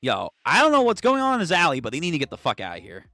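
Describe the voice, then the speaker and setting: Excitable young man reading comics aloud. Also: a little high, rapid-fire, dry recording, studio quality, faint music behind. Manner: excitable, swears a lot. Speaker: channel host. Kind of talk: casual comic read-through.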